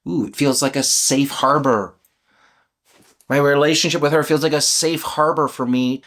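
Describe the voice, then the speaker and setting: A man's voice: on the high side, normal speed. A man in his fifties speaking candidly and emotionally, questioning his own beliefs aloud in a reflective self-inquiry. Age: 50s. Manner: candid and vulnerable, with soft laughs. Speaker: channel host.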